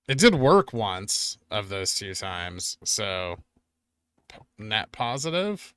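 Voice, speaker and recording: A man's voice: lowish voice, sing-song, takes it slowly, fairly bright tone, clean tone. A middle-aged man hosting a finance stream, chatting casually with viewers and joking at his own expense. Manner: joking, self-deprecating. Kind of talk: casual live-stream chat reading comments.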